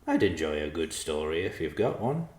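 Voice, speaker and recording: A man voicing a lonely, mocking old male vulture who talks slowly and sneeringly. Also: a bass voice, sing-song, darkish tone, reverberant. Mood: smug.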